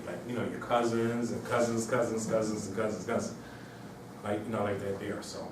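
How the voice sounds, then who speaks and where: Animated lecturing man in an echoey room. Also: mid-range voice, a little hiss or hum. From Mauritania. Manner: animated, repetitive, slips into mocking voices. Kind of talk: informal lecture to a small audience. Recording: echoey room, distant mic.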